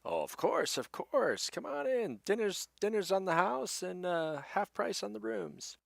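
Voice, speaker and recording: A man doing a booming jolly innkeeper. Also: sing-song, measured pace, vocal fry, no echo, clean studio sound, full character voice. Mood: cheerful welcoming. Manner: high, booming hearty greeting. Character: jovial male innkeeper, loud and welcoming.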